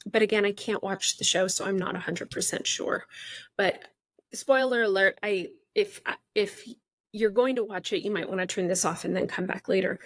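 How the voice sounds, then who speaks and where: A middle-aged woman telling a behind-the-scenes story on her podcast, candid and gossipy, hopping from point to point. Her voice sits at an ordinary middle pitch. The sound is dry and close, with almost no room around it. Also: normal speed, dry recording. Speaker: podcast host. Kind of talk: casual storytelling.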